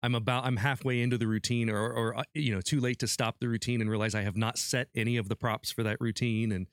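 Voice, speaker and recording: Man, podcast host, playful quizmaster, measured question reading, dry close sound. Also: medium pitch, fairly even intonation, no echo. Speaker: podcast host running a quiz. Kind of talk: casual podcast chat.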